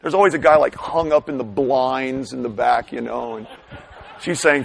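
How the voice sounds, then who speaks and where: A middle-aged man preaching a sermon, animated, swinging between loud bursts and hushed asides. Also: mid-range voice, moderate pace, vocal fry, poor audio. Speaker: pastor.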